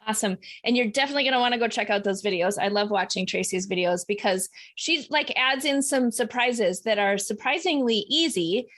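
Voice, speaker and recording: A woman's voice: fairly high pitch, animated, brisk, few pauses, fairly bright tone. A woman hosting a podcast, chatting casually over a remote call with many fillers and easy laughter. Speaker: podcast host. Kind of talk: casual interview chat and show outro.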